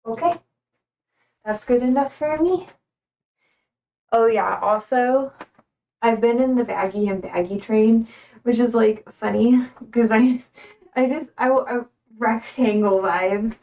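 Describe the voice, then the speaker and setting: A young woman with a slightly high voice rambles through a casual live-stream chat, fighting back tears as she talks. She sits a little back from the microphone, so her voice comes across with some distance. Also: slow, long pauses, warm tone. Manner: rambling, emotional, close to tears. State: tearful, trying not to cry. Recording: speaking from a distance to the mic.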